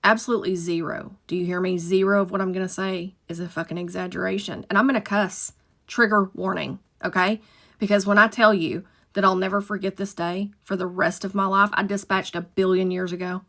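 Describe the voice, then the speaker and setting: A woman's voice: medium pitch, flat delivery, fairly quick, fairly bright tone. A middle-aged woman telling a story about her old dispatch job in a profane, emphatic, dramatic way. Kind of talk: casual storytime monologue.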